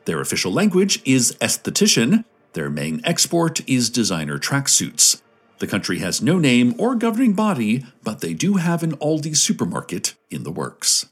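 A man delivering scripted radio news narration in a calm, deadpan manner. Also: mid-range voice, moderate pace, slightly rough, faint music behind.

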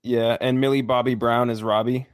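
A man's voice: medium pitch, little pitch movement, normal speed. A man co-hosting a casual movie podcast, loose and joking as he rattles off casting picks. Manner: joking, loose, trails off with fillers. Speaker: podcast co-host.

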